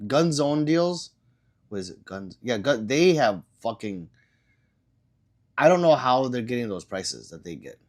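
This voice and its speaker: A man's voice: mid-range voice, darkish tone. A man who is sick and coughing hosts a casual livestream. He reads viewer comments aloud and answers them in a loose, rambling way, full of fillers. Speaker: livestream host.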